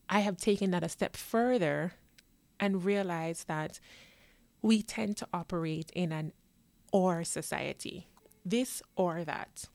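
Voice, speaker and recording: A woman's voice: on the low side, no room sound. A young woman born in New York and raised in Jamaica, hosting a casual solo podcast and chatting animatedly about herself. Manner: chatty and animated, acting out others' lines with laughs. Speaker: podcast host.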